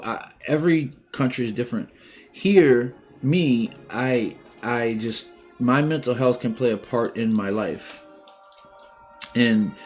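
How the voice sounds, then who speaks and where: A man in his forties, from the United States, talks straight to his viewers in an unscripted, heartfelt way. His sentences stop and restart, and he keeps a middle-pitched everyday voice. Faint music plays under him. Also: a little mellow. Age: 40s. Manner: halting and heartfelt, many restarts. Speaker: livestream host. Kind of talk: emotional personal talk.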